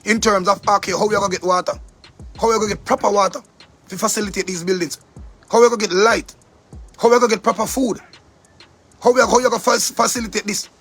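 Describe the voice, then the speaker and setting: A man's voice: high-pitched, steady tone, fast, pauses often, a bit bright, husky. A man with a Jamaican accent delivering an angry, profane monologue rant, repeating himself for emphasis. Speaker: commentator.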